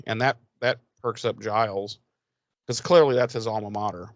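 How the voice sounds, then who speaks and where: A man co-hosting a podcast, recapping a TV episode in casual chat, swearing freely and animated. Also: on the low side, normal speed, no room sound, highs cut off. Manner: swearing, animated, quotes characters in put-on voices. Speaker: podcast co-host.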